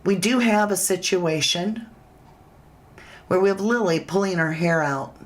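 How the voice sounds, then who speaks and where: A woman's voice: on the low side, measured pace. A woman hosting a casual true crime livestream, chatting straight to her viewers and reading their comments aloud.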